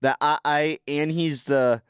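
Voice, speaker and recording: A man's voice: fairly high pitch, fairly even intonation, unhurried, clear, resonant tone, dry recording, studio quality. A man in casual sports chat, talking loosely with many fillers and acting out quotes from coaches and commentators.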